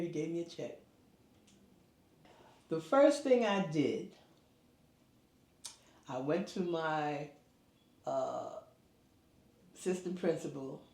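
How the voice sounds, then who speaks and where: An older woman, founder of a girls' youth club, telling animated stories in an interview and acting out the voices she quotes in a folksy way. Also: sits low, creaky. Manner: lively, acts out quoted voices, folksy phrasing. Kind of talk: animated storytelling. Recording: roomy echo, faint music behind.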